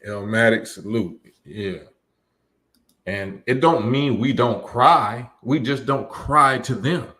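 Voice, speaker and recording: A man's voice: mid-range voice, slow, pushed and bright. A man hosting a live stream, reading chat comments and lecturing emphatically, often repeating his points. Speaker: livestream host.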